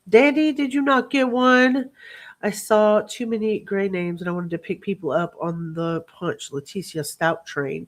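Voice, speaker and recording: A woman hosting a casual livestream, reading out viewer names and thanking them in a bubbly, chatty way with asides as she scrolls through comments. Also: on the low side. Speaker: livestream host.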